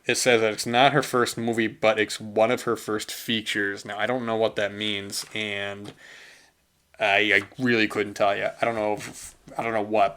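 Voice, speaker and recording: A man's voice: on the low side, fairly bright tone. A man hosting a casual film review podcast, rambling with many fillers and tangents, often saying "man" and growing incredulous at bizarre scenes. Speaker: podcast host reviewing films.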